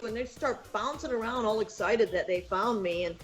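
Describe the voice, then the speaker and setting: Brief: woman from Michigan, podcast guest, fairly high voice, lively storyteller who acts out quotes, faint music under her. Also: moderate pace, lo-fi sound. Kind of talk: casual storytelling on a podcast call.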